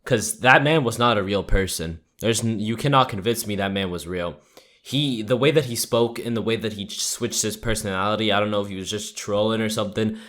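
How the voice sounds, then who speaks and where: A man's voice: lowish voice, brisk, a bit bright. A young man telling rambling, profane stories in a casual vlog, full of "like" fillers. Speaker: YouTuber.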